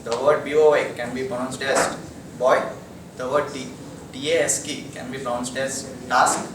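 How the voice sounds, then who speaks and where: A man's voice: mid-range voice, level tone, normal speed. Hesitant young man spelling words. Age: young adult. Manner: hesitant recital with fillers. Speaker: student presenter. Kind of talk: classroom pronunciation presentation. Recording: echoey classroom from far off, noisy.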